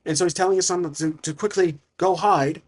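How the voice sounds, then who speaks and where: A man's voice: high-pitched, steady tone, fairly quick. A man narrating a solo tabletop campaign as game master, thinking aloud with frequent restarts.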